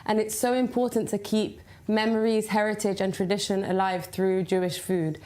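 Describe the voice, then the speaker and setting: A woman's voice: medium pitch, flat delivery, moderate pace, mellow. A woman guest in a TV studio, earnestly explaining a traditional dessert. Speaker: podcaster and recipe developer. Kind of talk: studio interview.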